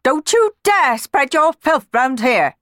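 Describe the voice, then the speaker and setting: A woman voicing a sharp, bossy housekeeper barking orders in a storybook. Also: high voice, big pitch swings, slow, dry recording, clean studio sound, pitched above the performer's own voice, full character voice. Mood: scolding. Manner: barking, scolding.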